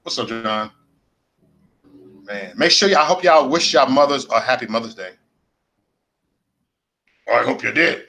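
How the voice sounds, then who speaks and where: A man's voice: mid-range voice, lively intonation, a little slow, long pauses, pushed and bright. A man hosting a casual livestream rant, rambling and repeating himself in slangy, profane street talk. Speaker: livestream host.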